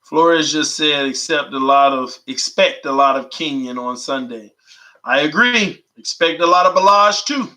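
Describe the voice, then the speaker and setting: A man hosting a sports fan channel, chatting casually and excitedly with his viewers and reading their comments aloud. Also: on the high side, a little slow, rough recording. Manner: excited, informal, talks to viewers as y'all. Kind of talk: casual vlog chat reading live comments.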